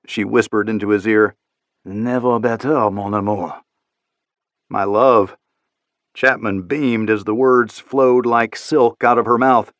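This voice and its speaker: A man reading an audiobook in steady, measured scripted narration. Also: fairly low pitch, no room sound.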